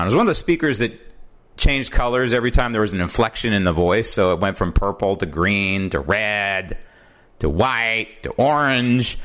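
A man's voice: fairly low pitch, a bit bright. An American man hosts his own talk show and delivers a heated political monologue from a home studio. He sounds indignant and emphatic, and his voice swoops widely up and down as he presses each point. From United States. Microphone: studio mic with old headphones.

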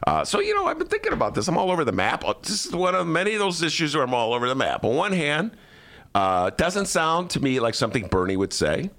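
A man hosting a casual political talk show from a studio, animated and joking, sometimes mimicking politicians. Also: on the high side, fast. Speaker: podcast host.

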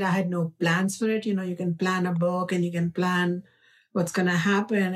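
A woman with an Indian accent, an author being interviewed, speaking in a slow, reflective and earnest way. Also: lowish voice, distant mic. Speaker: author guest. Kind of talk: conversational interview.

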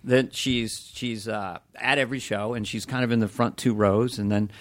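A man in his sixties, a comedian guest chatting casually on a podcast, animated and slipping into voices as he talks. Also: fairly low pitch, normal speed, no echo.

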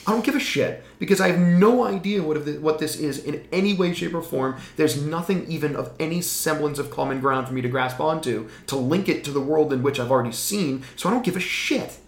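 A man's voice: fairly high pitch, fairly quick, hardly any pauses. Profane ranting man, echoey room. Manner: profane, ranting, mock-quoting characters. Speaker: podcast co-host. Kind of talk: casual movie chat.

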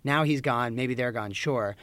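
A man co-hosting a podcast in casual chat, telling stories with animated delivery and mimicking crowd shouts. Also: medium pitch, measured pace, no room sound. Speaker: podcast co-host.

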